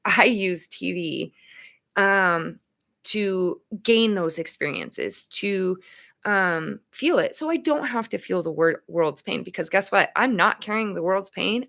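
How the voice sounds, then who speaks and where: A woman with a gravelly, medium-pitched voice and a fairly bright tone hosts a casual talk show, chatting emphatically and candidly about empathy and boundaries.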